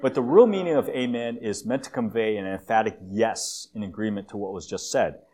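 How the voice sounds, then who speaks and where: A man with a fairly low voice preaching a relaxed, conversational sermon. He teaches from slides, calls himself long-winded, and often fills pauses with "um" and restarts phrases. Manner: conversational, with frequent fillers and restarts; self-described as long-winded. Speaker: guest preacher.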